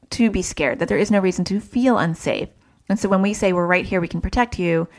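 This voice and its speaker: Woman therapist, thirties, low voice, chatty, animated parenting advice. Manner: chatty, animated when quoting family. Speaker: child therapist and parenting coach. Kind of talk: casual advice talk.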